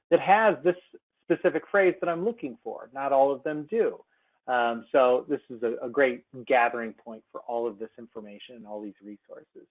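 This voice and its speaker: A man presenting a software seminar by screen share, talking through it casually with many ums and restarts. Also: mid-range voice. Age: adult. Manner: chatty, many fillers and restarts. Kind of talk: screen-share webinar demo. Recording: tinny phone-like webinar audio.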